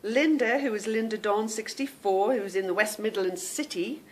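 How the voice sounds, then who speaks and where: A woman's voice: medium pitch, normal speed. Chatty rambling woman podcast host. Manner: chatty and rambling, stumbles over unfamiliar names. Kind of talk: casual chat to viewers.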